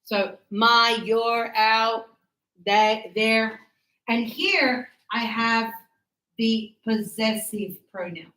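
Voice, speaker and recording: Female teacher, slow and patient, higher voice, echoey classroom sound. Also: sharp tone. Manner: patient, repeats examples, checks in with "okay?". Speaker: English teacher.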